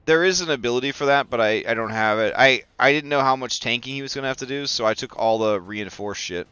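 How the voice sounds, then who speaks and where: A man playing a tabletop game, chatty and excitable while taking his turn. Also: medium pitch, fast, smooth, no room sound, highs cut off. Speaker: player.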